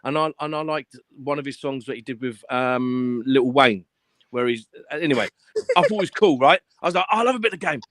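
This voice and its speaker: A man telling stories in a casual live-stream chat, animated and full of swearing, acting out what people said. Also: mid-range voice, a little fast, dry recording. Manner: animated storyteller, swears a lot, acts out quotes.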